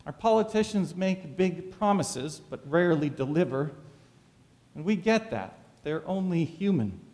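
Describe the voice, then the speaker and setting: High, lively preaching man. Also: big-room sound. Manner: dramatic preaching with rhetorical questions. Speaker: pastor. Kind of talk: sermon.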